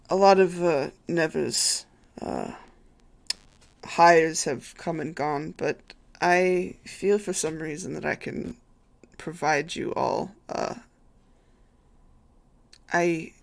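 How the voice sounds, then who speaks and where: A game master voicing a towering lich-like saint who guides the souls of the dead, speaking slowly and solemnly in a hushed voice. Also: mid-range voice, creaky, no echo.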